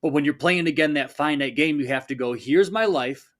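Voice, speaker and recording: A man's voice: a little high, steady tone, fast talker, a bit bright. A man in his thirties hosting a fitness podcast, talking casually and with energy, and repeating phrases for emphasis. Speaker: podcast host, fitness coach. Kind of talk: casual motivational talk.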